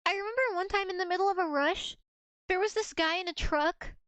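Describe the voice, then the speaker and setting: A woman's voice: very high voice, a little fast, a bit bright, no room sound. A young adult woman streamer telling work stories in a casual, profane way, often laughing as she goes. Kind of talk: casual storytelling on a game stream.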